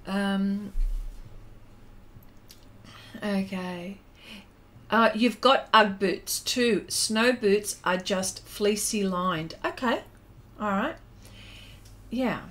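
A middle-aged Australian woman hosts a live art stream, chatting casually and reading viewers' comments aloud as she paints, full of fillers and restarts. Her mid-range voice is a bit bright, and she draws out her words.

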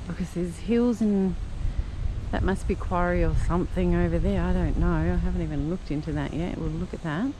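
In her own spiritual vlog, a woman talks to camera while driving around hills outside, chatty and self-amused but sometimes tearful. Her fairly low voice moves briskly with fairly even intonation, and the background is noisy.

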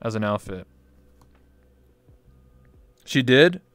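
A man's voice: medium pitch, lively intonation, very slow, a bit bright, dry recording. A man hosting a live-stream interview in casual chat, joking crudely and swearing a lot. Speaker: talk show host. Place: virtual reality chat stream.

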